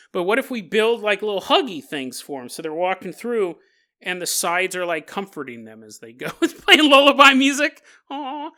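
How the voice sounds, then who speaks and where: A man's voice: high voice, sharp tone. A man hosting a podcast, rambling casually through a story with jokes and frequent laughter. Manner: rambling, jokey, laughs often mid-sentence. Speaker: podcast host. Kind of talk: casual solo podcast monologue.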